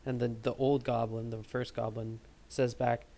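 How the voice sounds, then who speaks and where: A man narrating as game master, describing scenes in a relaxed, rambling way. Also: mid-range voice, moderate pace, gravelly.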